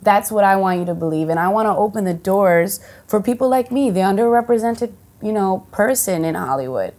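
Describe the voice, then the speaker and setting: An actress from the United States of Dominican heritage, chatting casually in an interview, full of fillers and restarts and lively quoted voices. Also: female voice, medium pitch, brisk. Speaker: actress and singer, guest.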